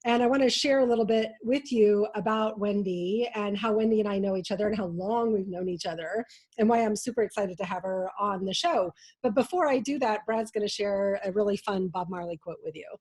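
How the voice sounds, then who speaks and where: A woman's voice: mid-range voice, fairly quick, darkish tone, slightly rough, dry recording. A middle-aged woman hosting a podcast, nasal from a cold, giving an enthusiastic, gushing introduction of her guest. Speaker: podcast host. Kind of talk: casual podcast chat.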